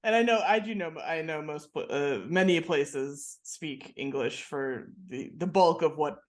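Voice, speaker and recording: A woman's voice: sits low, unhurried. A woman co-hosting a podcast, chatting casually and swearing freely as she recaps a TV episode. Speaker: podcast co-host.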